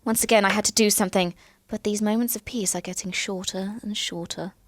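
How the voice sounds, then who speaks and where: A woman's voice: mid-range voice, fairly even intonation, a little fast, no room sound. A woman hosting a horror game playthrough, chatting playfully and reading diary entries aloud theatrically. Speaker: let's play host. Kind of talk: casual game commentary with dramatic read-outs.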